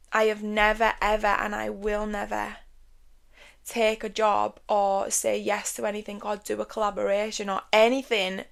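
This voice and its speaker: A woman's voice: mid-range voice, creaky. A woman hosting a podcast, speaking emphatically and from the heart in a blunt, confessional monologue. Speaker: podcast host.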